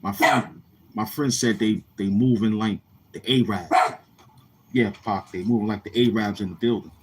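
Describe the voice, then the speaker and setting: A man's voice: normal speed, slight background noise. Slangy rambling man telling stories. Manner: slangy, rambling, repeats himself, acts out others in a higher voice. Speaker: YouTuber. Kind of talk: casual street-talk storytelling.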